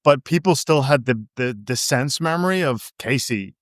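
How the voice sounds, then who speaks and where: A man's voice: medium pitch, lively intonation, moderate pace, no room sound, studio quality. Playful, rambling male author guest. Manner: rambling, playful, many restarts. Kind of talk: casual interview chat.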